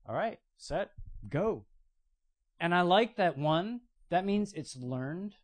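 A man's voice: fairly high pitch, expressive, a little slow. Man preaching with playful storytelling. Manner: storytelling with playful acted-out quotes. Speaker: pastor. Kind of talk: sermon.

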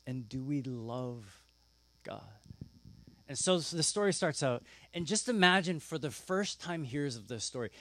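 A man preaching a sermon, telling the story with lively asides and acting out the characters. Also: medium pitch, no room sound. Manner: animated storytelling, acts out characters with gasps and asides. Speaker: pastor.

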